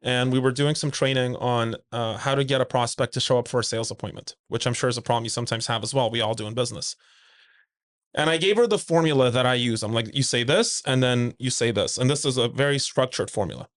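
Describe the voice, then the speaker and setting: A man's voice: mid-range voice, fast. A man, a suit company founder, speaking as a podcast guest in a blunt, emphatic way, acting out quoted dialogue as he tells stories. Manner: animated storyteller, acts out quoted dialogue in a raised voice; blunt, emphatic, repeats key points. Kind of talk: conversational podcast interview.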